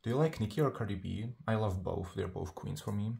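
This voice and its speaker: A man talks straight to the camera in a loose, rambling vlog, stopping and restarting his thoughts. His voice sits low and mellow. He sounds confident and sassy. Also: expressive, a little fast, vocal fry, slightly rough. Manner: rambling, chatty, full of "like" and "um"; self-assured, sassy. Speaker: vlogger. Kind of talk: casual vlog monologue.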